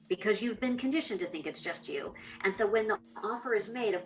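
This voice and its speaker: A woman's voice: medium pitch, expressive, a little fast, hardly any pauses, rough recording. A woman candidly recounting her own experience in an interview, acting out the lines of past conversations. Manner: candid, reenacts dialogue. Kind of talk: personal testimony.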